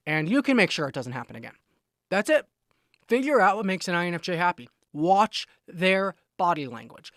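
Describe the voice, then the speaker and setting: A man with a high, bright-toned voice talks straight to the camera, giving relationship advice in a casual monologue. He is emphatic and a little preachy, repeating his warnings over and over. The recording is close and dry, with no room sound. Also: no room sound. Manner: emphatic, scolding repetitions and preachy confiding.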